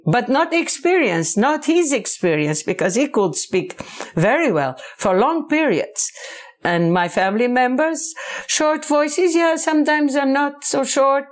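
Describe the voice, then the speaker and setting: A woman, a book author answering interview questions in English, halting and searching for words. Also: high-pitched.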